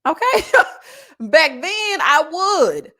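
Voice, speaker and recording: Bright and forceful, a young Houston woman who hosts a commentary channel draws out her words in a very animated, high-sitting voice while telling a personal story. Her storytelling chat is sassy and dramatic, and she acts out quoted voices.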